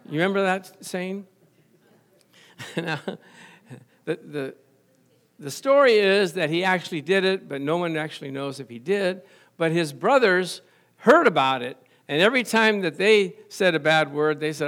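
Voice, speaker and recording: Male pastor, middle-aged, high voice, lively storytelling sermon to the congregation. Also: measured pace. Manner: storytelling, animated, jokes with congregation. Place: church before a congregation.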